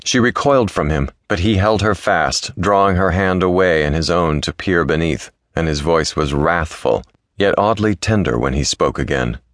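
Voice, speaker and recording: A male audiobook narrator reading a historical romance with smooth, even storytelling. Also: deep voice, moderate pace, no room sound, studio quality.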